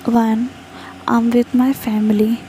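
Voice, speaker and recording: A woman voicing a pleading young mother in a fan fiction story reading, with a flat, even delivery. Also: fairly high pitch, takes it slowly, a little hiss or hum, poor audio.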